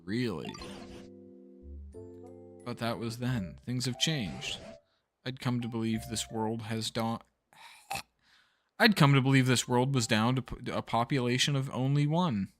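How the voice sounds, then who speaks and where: A man voicing an older male professor in a put-on old-man voice, reading game dialogue on a stream, wistful and slow. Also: medium pitch, a bit bright, soft background music, natural voice.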